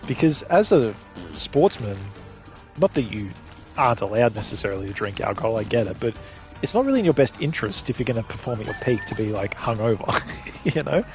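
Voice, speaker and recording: A man's voice: medium pitch, sing-song, fairly quick, a little mellow, faint music behind. A man with an Australian accent chatting casually while streaming a game, rambling from point to point and swearing freely. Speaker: gaming streamer.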